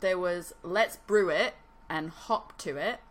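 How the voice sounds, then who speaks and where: A woman's voice: on the low side, slow pace, slight background noise. A woman co-hosting a podcast, chatting casually with many fillers and frequent giggles. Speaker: podcast co-host. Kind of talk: casual chat.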